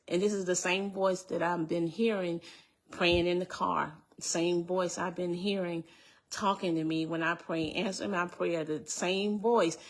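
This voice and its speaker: A woman's voice: fairly low pitch, a bit bright. Earnest woman telling her testimony. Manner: earnest, repeats phrases, speaks to listeners directly. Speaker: testimony speaker. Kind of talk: personal testimony storytelling.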